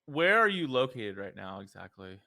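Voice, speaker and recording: Male podcast host, casual and rambling, bright forward tone, dry close sound. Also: medium pitch, sing-song, normal speed, creaky, no room sound. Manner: loose and chatty, many "like" fillers. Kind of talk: casual interview chat.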